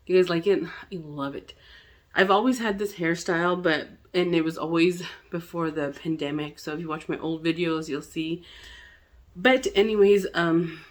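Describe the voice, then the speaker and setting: A young adult woman from the Navajo Nation, talking to camera in a candid personal vlog, halting with fillers and restarts. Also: on the low side. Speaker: vlogger.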